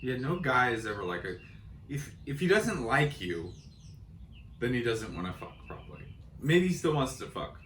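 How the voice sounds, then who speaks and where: A man's voice: mid-range voice, sing-song, normal speed, fairly bright tone, echoey room, a little hiss or hum. A man in his thirties co-hosting a podcast, chatting casually and comically, rambling and self-deprecating. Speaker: podcast co-host. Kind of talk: casual comedic chat.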